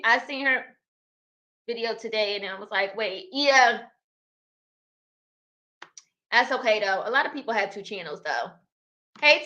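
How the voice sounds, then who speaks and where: Bright-voiced chatty woman livestreaming. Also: a little high. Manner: chatty, laughs often, talks to viewers as y'all. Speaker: livestream host reading chat. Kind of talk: casual livestream chat.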